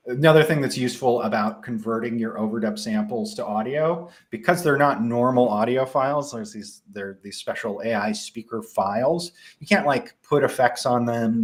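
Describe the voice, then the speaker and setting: Chatty Midwestern man demoing software. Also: medium pitch. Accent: Midwestern American. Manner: relaxed, chatty, frequent ums and restarts. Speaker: software tutorial presenter. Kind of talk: casual live demo.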